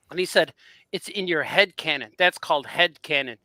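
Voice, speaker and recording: A man on a podcast telling a long story with animated energy, acting out both sides of a conversation. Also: high-pitched, moderate pace, dry recording. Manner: animated storyteller, acts out quoted dialogue. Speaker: podcast host. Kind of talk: casual chat, storytelling.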